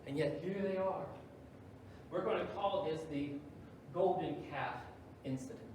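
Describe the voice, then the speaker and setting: High-voiced preacher in an echoey hall. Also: male voice, unhurried, recorded from a distance, noisy background. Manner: dramatic swings between loud emphasis and hushed asides. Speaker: pastor. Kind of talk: sermon. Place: church sanctuary.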